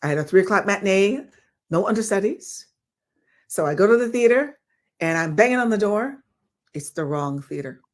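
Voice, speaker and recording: An older woman telling stories as an interview guest, animated and swearing freely as she acts out the people involved. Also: medium pitch, moderate pace, pauses often. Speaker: guest actress. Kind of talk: storytelling in an interview.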